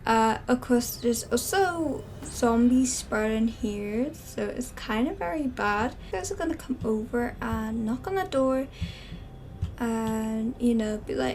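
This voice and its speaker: A woman's voice: fairly high pitch, slow, darkish tone, slight background noise. A woman casually narrating a game story with many fillers. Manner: chatty, filler-heavy with "like".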